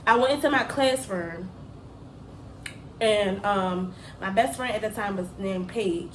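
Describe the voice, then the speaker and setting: A woman's voice: mid-range voice, unhurried, reverberant, a little hiss or hum, low-quality recording. A middle-aged woman telling a story from her school days in a casual chat, slangy and laughing often. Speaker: mother telling a story on a daughter's channel.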